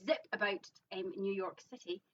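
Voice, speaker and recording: A woman's voice: medium pitch, normal speed, a little hiss or hum. A woman co-hosting a casual live stream, giggly and teasing, repeating her own jokes. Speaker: co-host. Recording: distant, dull lo-fi sound.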